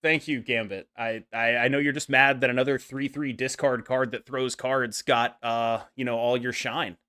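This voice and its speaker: A man hosting a casual gaming podcast, animated and jokey, laughing often. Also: mid-range voice, normal speed, clear, resonant tone. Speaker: podcast host.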